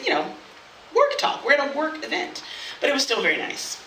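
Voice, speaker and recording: A woman performing a personal story live on stage, animated and quick to laugh, acting out the voices of others. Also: sits high, a little hiss or hum. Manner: animated, laughs often, acts out quoted voices. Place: studio event space with audience. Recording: echoey room, voice from a distance.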